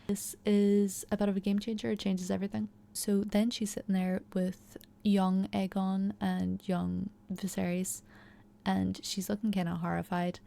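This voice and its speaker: Casual recap and commentary on a TV episode from a young woman who is chatty and enthusiastic, using lots of "you know" and "like." Her mid-range voice is gravelly and dark, with flat delivery at a slightly slow pace.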